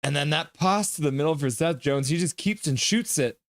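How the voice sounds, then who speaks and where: Male stream host, slightly high voice, brisk hockey play-by-play, dry close mic. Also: no room sound. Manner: brisk play-by-play, breaks into loud cheers. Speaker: live stream host calling the game. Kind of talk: live reaction play-by-play.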